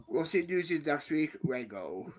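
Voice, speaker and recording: Man with a lively, higher voice. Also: a little slow. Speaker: panelist. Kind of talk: casual panel chat.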